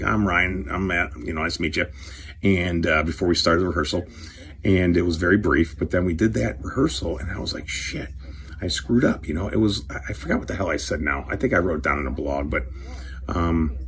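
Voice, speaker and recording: A man's voice: sits low, a bit bright. A middle-aged man hosting his own show, telling a rambling, profane story and chatting casually while opening packs of cards. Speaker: show host, career coach.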